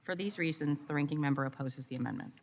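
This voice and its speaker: A woman committee member reading prepared remarks in a measured, formal way. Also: deep voice, slight background noise. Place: large hearing room. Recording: long reverb of a hearing room.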